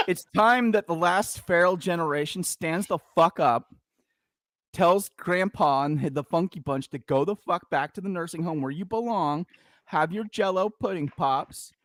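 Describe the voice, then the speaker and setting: A middle-aged veteran man hosting a casual podcast, ranting in a heated, profane, half-shouting way. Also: a little high, unhurried, no echo.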